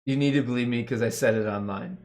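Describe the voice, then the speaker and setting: A young man hosting a live stream chats casually with his viewers, reading comments aloud. He jokes constantly and slips into slang. His voice sits at an ordinary middle pitch. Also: fast talker, a little mellow. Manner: jokey, laughs often, slangy banter. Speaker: stock market livestream host.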